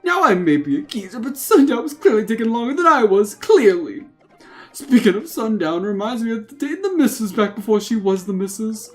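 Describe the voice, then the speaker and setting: A man's voice: high voice, sing-song, fairly quick, faint music behind. Man doing a rambling old turtle geezer. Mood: nostalgic. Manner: doddering, wandering, chuckling old-man drawl. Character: rambling forgetful old male turtle, chatty. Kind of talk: reading game dialogue in a put-on voice.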